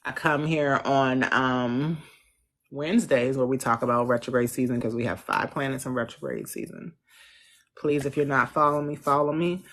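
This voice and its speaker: Astrologer, casual live stream, slangy, laughing, middle pitch, phone mic. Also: fairly even intonation, moderate pace, a bit bright. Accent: Central US. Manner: chatty, answers viewer comments; loose slangy speech, laughs often. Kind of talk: casual livestream chat.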